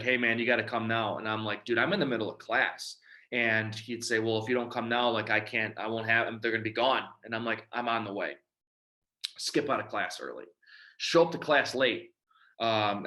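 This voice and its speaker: A man's voice: medium pitch, bright, forceful tone. A man from Michigan giving a personal testimony talk about his recovery, telling the story and acting out the dialogue. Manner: storytelling, acts out quoted dialogue. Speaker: recovery speaker.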